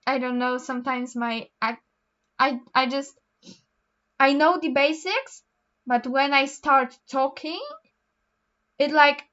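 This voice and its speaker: A Polish teenage girl vlogs while doing her homework, rambling casually with lots of ums and restarts. Her voice sits high with a fairly bright tone, though the audio is dull.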